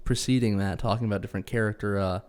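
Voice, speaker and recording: A man's voice: lowish voice, steady tone, racing, a little mellow, clean tone. A man hosting a casual podcast chat about tabletop role-playing games, easygoing, laughing and swearing along with his guest. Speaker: podcast host.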